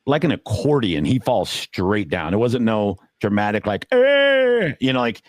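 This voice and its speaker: A middle-aged man on a podcast telling casual stories about dealing poker. He swears freely and acts out the quotes, with sudden jumps up in pitch. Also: lively intonation, normal speed, no room sound. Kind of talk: casual storytelling.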